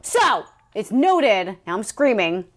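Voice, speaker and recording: A woman's voice: medium pitch, sing-song, slow. A woman co-hosting a casual podcast, recapping a book with mocking jokes, swearing and playful asides. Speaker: podcast co-host.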